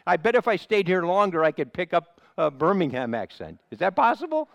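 A man's voice: a little high, expressive, a little fast, fairly bright tone, no room sound. Nasal Midwestern American man preaching. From Ohio, United States. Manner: earnest, repetitive, with frequent uhs and restarts. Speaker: visiting pastor. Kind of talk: sermon.

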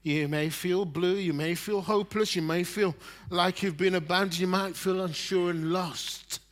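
A man in his sixties delivers a sermon in a slightly higher-than-average voice. He swings from loud, emphatic lines to soft, near-whispered ones, and laughs at his own stories as he goes. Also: fairly even intonation, normal speed. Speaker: preacher.

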